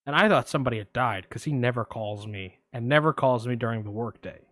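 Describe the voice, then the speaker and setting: Man, podcast co-host, animated storyteller, casual chat, mid pitch, dry close mic. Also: quick pace, no room sound.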